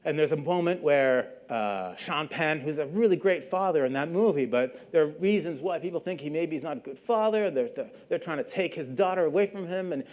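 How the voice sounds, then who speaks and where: A man's voice: a little high, expressive, fairly quick, hardly any pauses, darkish tone. A middle-aged man giving a public lecture, telling a story in a conversational way and briefly acting out the people he quotes. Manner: conversational, acts out quoted voices. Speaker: guest lecturer.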